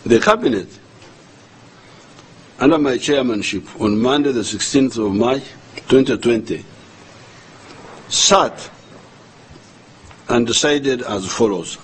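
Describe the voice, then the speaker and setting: An older Ugandan-accented man gives a formal address to the nation as head of state, slow and deliberate, often repeating words while searching for the next. His voice is medium-pitched, and the rough recording carries some hiss or hum.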